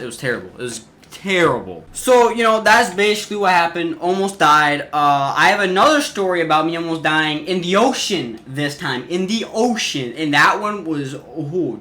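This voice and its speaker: A teenage boy vlogger telling a casual story-time tale in an animated way, often restarting his sentences. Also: on the high side. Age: teens. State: sweating in the heat.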